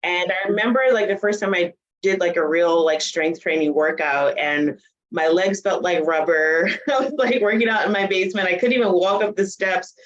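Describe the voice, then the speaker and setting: A woman in her forties telling her story in a casual interview, animated and laughing often. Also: on the low side, moderate pace, lo-fi sound. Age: 40s. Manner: animated, laughs often, acts out quoted voices. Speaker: guest, bodybuilding coach.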